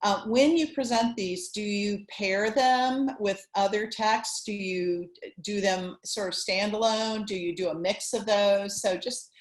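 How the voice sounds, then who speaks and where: A woman moderator passing teachers' questions along in an online session. She speaks in a friendly, measured way with plenty of "um"s. Her middle-pitched voice rings in an echoey room heard over a video call.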